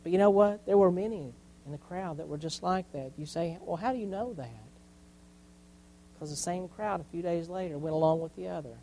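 A man preaching a sermon as a pastor, repeating key phrases and dropping from loud emphasis to near quiet. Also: fairly high pitch, a little fast, few pauses, slight background noise, rough recording.

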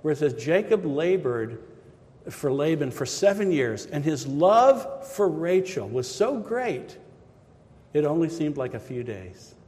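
A pastor giving a sermon, retelling the story in a casual, chatty way with quoted voices. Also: male voice, fairly high pitch, sing-song, a little slow, a little mellow. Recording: reverberant hall.

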